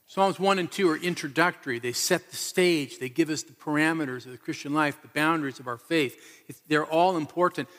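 A man's voice: fairly high pitch, a little fast, hardly any pauses, fairly bright tone. A man preaching a sermon as pastor, telling the story with earnest, emphatic repetition. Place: church hall. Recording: reverberant hall.

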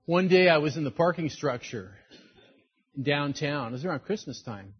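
A middle-aged man preaching a sermon, telling personal stories in an animated way and acting out the voices of the people in them. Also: a little high, moderate pace, slightly rough, lo-fi sound. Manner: storytelling, animated, acts out quoted voices. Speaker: pastor.

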